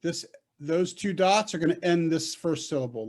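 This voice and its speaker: A man's voice: fairly high pitch, darkish tone. A man teaching a Hebrew reading class over a video call, coaching patiently and sounding out syllables. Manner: patient, coaching, slow and deliberate. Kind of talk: online class instruction.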